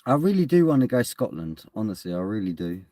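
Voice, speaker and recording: Here a man from England chats on a home live stream, going off on tangents, laughing frequently and swearing now and then as he reads chat. His fairly low, dark voice is sing-song and brisk, and the studio-quality recording has no room sound.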